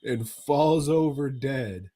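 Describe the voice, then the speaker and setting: A man's voice: medium pitch, lively intonation, takes it slowly, dark tone, slightly rough. A man co-hosting a podcast, recapping a movie in casual chat as a profane, rambling storyteller. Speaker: podcast co-host.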